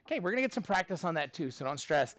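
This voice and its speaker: A man's voice: a little high, very animated, racing, fairly bright tone, no room sound. A man teaching a middle school math class in a classroom, chatty and jokey with frequent asides.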